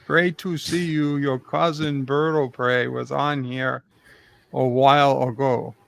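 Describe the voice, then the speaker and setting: A man putting on a deadpan fake Soviet comrade. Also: mid-range voice, slow pace, vocal fry. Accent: put-on Russian. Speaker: stream host. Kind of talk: comedic bit on a casual stream.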